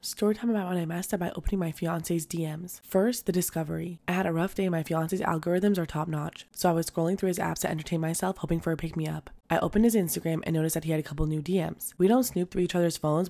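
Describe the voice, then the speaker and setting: A woman narrating online stories aloud in an animated, punchy way, with sudden loud emphasis. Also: lowish voice, creaky. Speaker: storytime narrator.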